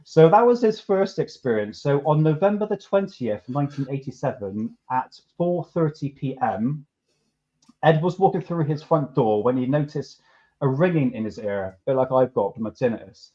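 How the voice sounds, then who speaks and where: A man's voice: medium pitch, expressive, moderate pace, warm tone. Laid-back man, lo-fi. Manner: laid-back, chuckling, restarts a lot. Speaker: podcast host. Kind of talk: casual chat. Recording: dull lo-fi sound.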